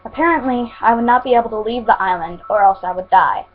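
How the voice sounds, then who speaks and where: A woman with a fairly high voice reads her fan fiction chapter by chapter, tripping over words and going back to fix them. The sound is thin and narrow, like a phone call. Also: fast talker. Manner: stumbling reading with restarts and asides. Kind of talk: homemade story reading. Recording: tinny phone-like recording.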